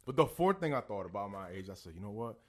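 A man in his thirties, co-hosting a podcast, telling a story in a casual, animated way and acting out the voices of the people he quotes. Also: fairly low pitch, quick pace. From born in Texas, Puerto Rican family. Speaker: podcast co-host.

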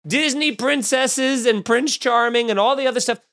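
A man's voice: very high-pitched, moderate pace, a bit bright. A man hosting a comedy podcast, ranting in a sarcastic, crude, mock-outraged way. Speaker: podcast host.

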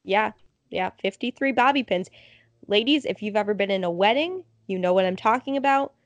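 Animated woman telling a story, dry sound. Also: medium pitch, a little fast, no echo. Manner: animated storyteller, acts out quotes. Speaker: podcast co-host. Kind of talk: casual chat.

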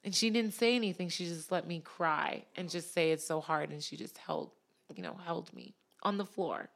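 A woman guest on a podcast, telling a personal story in a tearful, halting way and laughing through the emotion. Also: on the low side.

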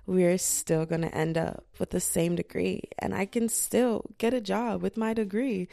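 A fatigued young podcast host in her twenties talks from bed indoors in a loose, profane monologue, dropping into voices when quoting others. Her mid-range voice is steady, mellow, creaky, and a little slow with few pauses, captured in studio quality with no room sound.

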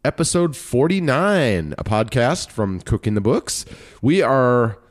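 A man with a head cold co-hosts a podcast from home, his voice stuffy and nasal. His pitch swings in a lively way as he chats casually and pokes fun at himself. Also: a little slow. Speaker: podcast co-host. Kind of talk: casual chat. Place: living room at home.

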